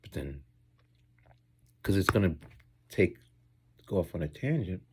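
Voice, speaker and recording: A man's voice: low voice, sing-song, unhurried, slight background noise. A man who teaches in Japan, chatting casually in a rambling vlog while eating, going off on tangents and acting out voices.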